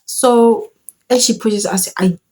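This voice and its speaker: A young woman tells a story to her viewers, animated and full of exclamations and slang. Her voice sits in a mellow, dark register with a husky, slightly breathy edge. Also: a little high, slow. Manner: animated, exclaiming, slangy with local words mixed in. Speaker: vlogger telling a story. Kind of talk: storytime vlog.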